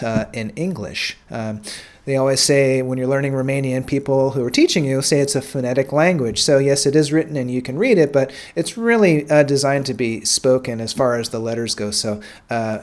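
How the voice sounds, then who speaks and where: An American man teaching a casual language lesson in a relaxed way, filling pauses with "uh" and "all right" and repeating words slowly. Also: mid-range voice. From United States.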